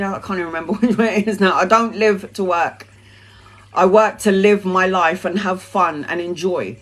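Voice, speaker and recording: A woman's voice: medium pitch, low-quality recording. A woman, talking on a live stream in an emphatic, rambling way that is peppered with swearing. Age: 40s. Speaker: tarot reader live streamer.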